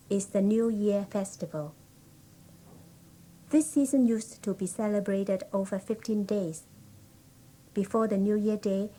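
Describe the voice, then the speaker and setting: A woman with a Hong Kong English accent, a Cantonese native speaker, reading a prepared passage aloud with careful, measured, non-native phrasing. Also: medium pitch, warm tone, rough recording.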